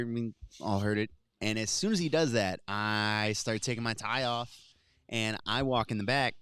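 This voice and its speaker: Low-voiced commentator guy telling a story, laughing, dry close mic. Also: smooth, no room sound. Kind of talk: casual post-show chat.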